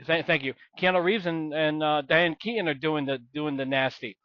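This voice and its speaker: This man co-hosts a podcast and chats about movies in a rambling, emphatic way, airing blunt complaints. He speaks at a normal speed in a fairly high voice, and the audio is muffled with no sense of a room.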